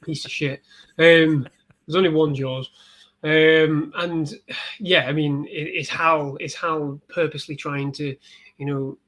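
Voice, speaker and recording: A man talking over a film as a podcast guest, animated and swearing freely. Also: a little high, a little slow, poor audio. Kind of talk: casual film discussion.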